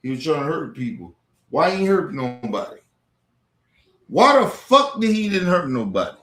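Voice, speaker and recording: Man, angry profane rant, fairly high voice, slow drawn-out delivery, repetitive, echoey room. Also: big pitch swings. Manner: heated, repetitive, swears constantly, rising to near-shouts then dropping low. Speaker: streamer ranting on camera.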